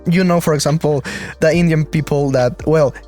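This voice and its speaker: Young Mexican man, halting casual chat. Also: a little high, fairly even intonation, a little mellow, faint music behind. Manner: halting, searching for words, laughs often. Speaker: podcast co-host.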